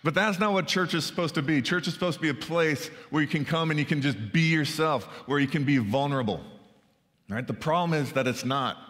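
In a sanctuary with a long, echoing reverb, a male pastor preaches in a slightly high, fairly bright voice. He keeps the sermon conversational, often adding "right?" to check in with his listeners.

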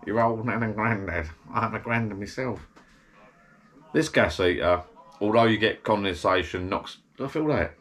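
Speaking from a tiny bar in his garden shed, this slightly tipsy middle-aged man addresses the camera in a lowish, fairly bright voice at a moderate pace. His vlog is a loose, chatty ramble where he often cuts himself off mid-thought.

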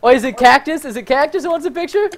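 A young man giving excited, fast-reacting commentary while playing a video game with a friend, often shouting and laughing. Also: very high-pitched, crowd noise. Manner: energetic, shouts and laughs during play. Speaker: gaming video host.

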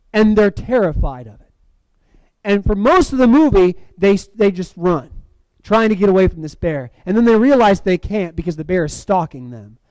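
A man preaching a sermon in a church, animated, swinging from loud emphatic lines down to quiet, dramatic drops. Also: sits high, no room sound, rough recording. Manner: acts out movie quotes.

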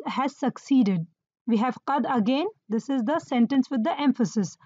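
A woman teaching Quranic Arabic grammar in a measured, explanatory way, often checking in with the listener. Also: sits high, a little mellow, no echo, muffled recording.

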